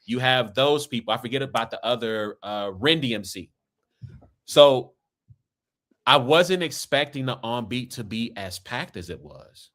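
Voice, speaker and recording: A man's voice: medium pitch, lively intonation, unhurried, fairly bright tone. Loose-talking American man from Kansas City. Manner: rambling and loose, with frequent "right?" and "man". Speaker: podcast host. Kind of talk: casual conversation.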